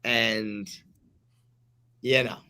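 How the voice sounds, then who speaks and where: A man's voice: medium pitch, fairly even intonation, very slow, bright, forceful tone, smooth. A middle-aged man hosting a casual sports podcast, joking animatedly and swearing a lot. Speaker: podcast host.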